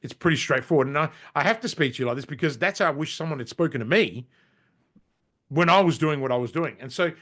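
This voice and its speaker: A man's voice: fairly high pitch, animated, fast talker, fairly bright tone. A middle-aged Australian man, a podcast guest, tells business stories bluntly and casually, with frequent swearing and restarts. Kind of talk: casual interview storytelling.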